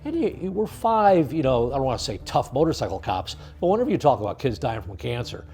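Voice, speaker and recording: An older man, a retired highway patrol officer, telling stories in an interview in a lively way. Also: quick pace. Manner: lively storyteller, acts out voices in quotes. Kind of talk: storytelling interview.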